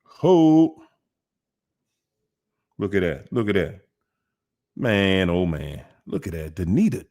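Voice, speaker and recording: A man hosts a livestream, calling out viewers by name with a hype-man swagger. His pitch swings widely, jumping up into whoops and dropping low again. He takes his time, stretching his words out slowly. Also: lively intonation. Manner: hype, call-and-response shout-outs, drawn-out greetings with sudden whoops. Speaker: livestream host. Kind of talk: livestream Q&A, greeting chat viewers.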